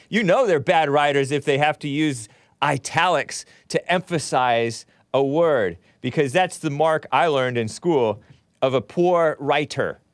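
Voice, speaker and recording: A man's voice: medium pitch, no echo. A man hosting a solo commentary show, rambling and opinionated as he reads out articles and viewer comments. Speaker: host.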